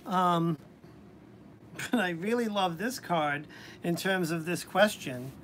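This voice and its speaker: A woman's voice: fairly low pitch, animated, takes it slowly. A woman giving a casual live-stream tarot reading, chatty and hesitant, with frequent restarts. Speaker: tarot reader. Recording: faint background noise.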